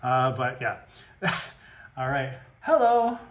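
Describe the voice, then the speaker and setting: A guest voice actor at a fan autograph Q&A chats casually with fans on a live stream, rambling and making self-deprecating jokes. His mid-range voice swings widely in pitch, and he speaks slowly.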